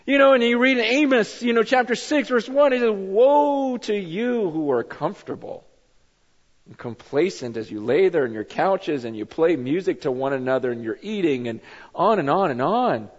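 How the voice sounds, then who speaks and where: A man's voice: a little high, animated, moderate pace, a little mellow. A man preaching a sermon in a conversational storytelling way, often repeating words and building to emphatic passages. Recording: dull sound with long reverb in a hall.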